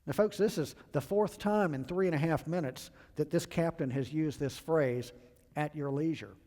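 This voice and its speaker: A man's voice: normal speed, warm tone. A middle-aged man from the American South giving an earnest, emphatic safety lecture to pilots, acting out quoted remarks. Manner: earnest, emphatic, acts out quotes with rising pitch. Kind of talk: presentation lecture. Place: university lecture hall. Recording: long hall reverb.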